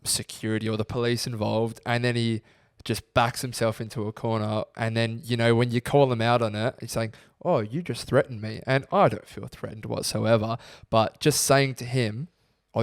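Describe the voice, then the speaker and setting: A young man with an Australian accent, co-hosting a podcast and telling stories in a relaxed, casual way. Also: medium pitch, normal speed, hardly any pauses, clear, resonant tone, no echo, clean studio sound. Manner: laid-back storytelling, swearing freely. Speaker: podcast co-host. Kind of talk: casual chat.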